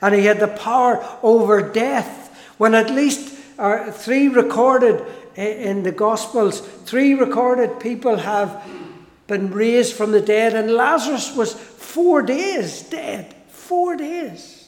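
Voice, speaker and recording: A man delivers a sermon in an unhurried, high-pitched voice, leaning on repeated phrases. His words ring out in a large room with long, echoing reverb. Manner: slow, emphatic preaching with repeated phrases and restarts. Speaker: preacher. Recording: echoey hall with long reverb.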